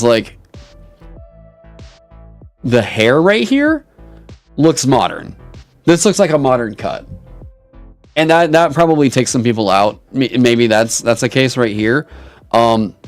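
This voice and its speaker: A young man streaming casually, reading chat aloud and reacting with animated, swear-filled mock outrage. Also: mid-range voice.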